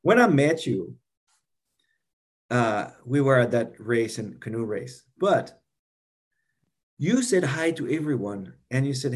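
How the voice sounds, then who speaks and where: A man's voice: mid-range voice, sing-song, normal speed, a little mellow. A man hosting a podcast, speaking earnestly and eagerly, pressing his guest with questions. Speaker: podcast host. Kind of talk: interview conversation.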